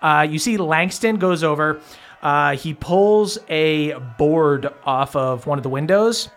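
Game master, man, slightly high voice, loose narration. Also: takes it slowly. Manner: casual, many "uh" fillers, swearing.

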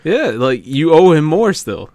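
A man's voice: a little high, big pitch swings, a little slow, darkish tone, no room sound. A man in a casual chat, teasing his friend with dry one-liners.

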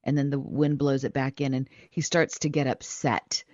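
Low-voiced woman talking through dreams. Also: normal speed, dry recording, lo-fi sound. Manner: reflective, storytelling, animated quoting. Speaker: podcast co-host interpreting dreams. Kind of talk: casual chat.

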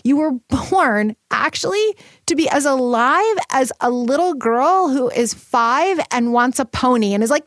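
A woman's voice: sits high, animated, moderate pace, no room sound, clean studio sound. Bubbly woman podcast host. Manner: bubbly, emphatic, motivational. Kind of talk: upbeat solo podcast talk.

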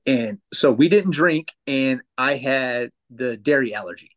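A man in his thirties talks loosely as a guest on a podcast, piling up fillers and curse words as he tells his stories. His voice sits at an ordinary middle pitch. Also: expressive, a little slow. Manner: loose, profane storytelling with many fillers. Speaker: tattoo artist guest. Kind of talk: casual podcast conversation.

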